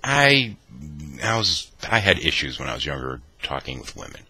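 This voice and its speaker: A man vlogging, telling a wry personal anecdote in an animated, mock-dramatic way. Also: low voice, normal speed, slightly rough. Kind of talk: anecdotal storytelling.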